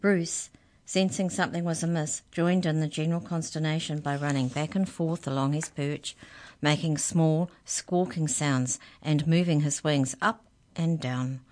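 A woman hosting a radio storytime, reading a children's book aloud in an expressive, gentle way. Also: sits low, normal speed. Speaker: storytime reader on community radio.

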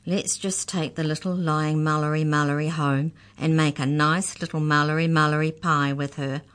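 A woman reading aloud voices a grim, cruel female captor who scolds in a cold, even manner. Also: low-pitched, moderate pace, clear, resonant tone.

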